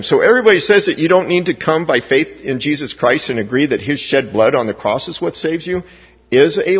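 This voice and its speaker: A man's voice: mid-range voice, slightly rough. A man preaching a sermon as pastor, with emphatic rising stresses and frequent restarts. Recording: dull, echoey hall recording.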